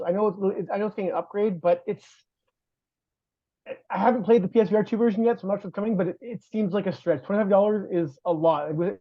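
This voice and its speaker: A man with a fairly high voice talks games on a casual podcast, rambling and doubling back on his words. His audio sounds dull and dry. He laughs easily between points. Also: no room sound. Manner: rambling, self-correcting, laughs often. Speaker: guest host, VR reviewer.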